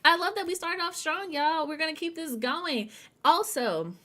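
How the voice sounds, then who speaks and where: A woman's voice: very high-pitched, lively intonation, normal speed, bright, forceful tone. A woman hosting a writing sprint livestream, wired on caffeine, chatty and hyper, laughing often and talking to her viewers as y'all. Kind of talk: casual livestream chat.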